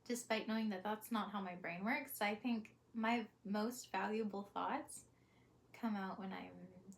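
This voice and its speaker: A young woman talking to camera in a reflective, casual vlog, soft and hesitant with many pauses and small laughs. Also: mid-range voice, steady tone, creaky. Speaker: vlogger.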